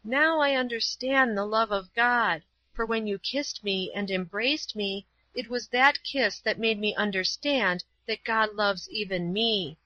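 A woman voicing a frail, dying old woman who speaks weakly and slowly with gratitude. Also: mid-range voice, sharp tone, no echo, highs cut off.

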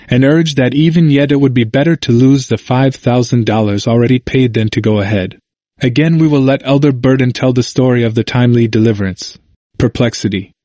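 A man narrates a historical book in a steady, measured reading voice. His pitch sits in an ordinary middle range, and the recording is close and dry, with no room sound. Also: dry recording. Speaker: audiobook reader.

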